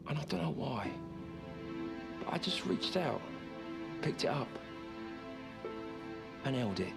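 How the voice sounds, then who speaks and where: A man telling a comic first-person story in a rambling, deadpan, confiding way. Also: medium pitch, slow, vocal fry, loud music behind the voice.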